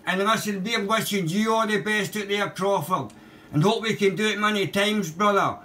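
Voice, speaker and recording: Bright-voiced Glaswegian man on the radio. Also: high-pitched, moderate pace. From Scotland. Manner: friendly, chatty, calls everyone brother and mate. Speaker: radio amateur. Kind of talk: casual radio contact chat.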